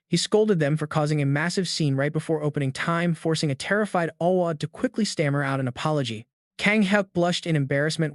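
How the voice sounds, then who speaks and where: A man narrating a comic-fantasy story recap in a brisk, dramatic storytelling manner. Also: fairly high pitch, no room sound, studio quality.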